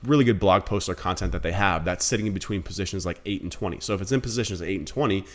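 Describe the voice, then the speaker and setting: A man's voice: sits low, very fast. A man in his thirties giving a casual screen-recorded marketing tutorial, blunt and conversational, calling viewers guys. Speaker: marketing instructor.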